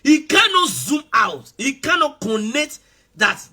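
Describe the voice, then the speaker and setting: A pastor preaching a sermon with passion, repeating his phrases and breaking into shouts for emphasis. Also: very high voice, big pitch swings, takes it slowly.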